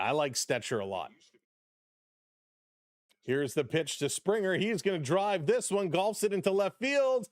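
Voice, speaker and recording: A man hosting a live baseball play-by-play stream, excitable on big plays, chuckling often and greeting chat viewers by name. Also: a little high, no echo, studio quality.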